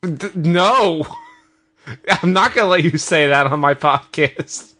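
A podcast host in a comedy chat, incredulous and quick to object. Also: medium pitch, bright, forceful tone.

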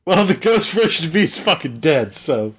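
Male podcast co-host, playful, giggly, deadpan, slightly high voice. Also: normal speed, slight background noise. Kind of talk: comedy podcast banter.

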